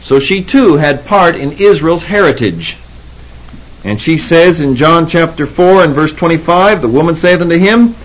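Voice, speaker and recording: Guy preaching a bible sermon, kinda high voice, reads verses slow and repeats stuff, muffled old tape sound. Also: fairly bright tone. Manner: reads scripture slowly, cites verses, repeats for emphasis. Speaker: Bible teacher.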